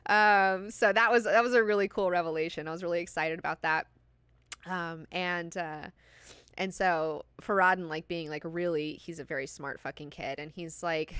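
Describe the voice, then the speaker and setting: A young woman hosting a book club, retelling the chapter in casual, profane, excited chat and putting on quick mock voices for the characters. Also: fairly low pitch, smooth, no room sound.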